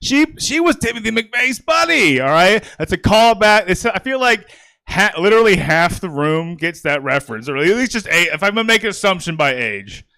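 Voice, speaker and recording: Rambling stand-up comic man, smooth voice. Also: sits high, lively intonation, fairly quick, pushed and bright. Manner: rambling, crowd work, conversational. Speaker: stand-up comedian. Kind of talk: stand-up comedy set. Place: small comedy theater, live audience.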